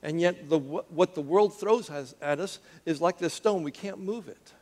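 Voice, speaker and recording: Fervent preacher man, slightly high voice. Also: moderate pace. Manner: call-and-response with the congregation, dropping to quiet intensity. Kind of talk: sermon.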